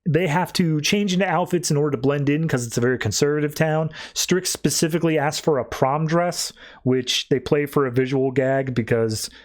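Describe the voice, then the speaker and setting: A man's voice: a little high, moderate pace, few pauses. A man hosting a podcast, recapping comics in a chatty way with plenty of fillers. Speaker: podcast host. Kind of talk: casual comic book recap.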